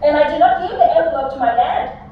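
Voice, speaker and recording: A woman's voice: sits high, expressive, fast, a little hiss or hum. A young woman from Africa, giving a commencement speech full of humorous personal stories. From South Africa. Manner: humorous anecdotal storytelling. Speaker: commencement speaker. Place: large graduation venue. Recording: echoey hall, distant mic, dull sound.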